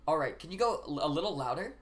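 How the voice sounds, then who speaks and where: Man streamer with lively, bouncing intonation. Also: a little high, fast. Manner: teasing, deadpan requests, occasional laughing asides. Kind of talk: casual live-stream banter.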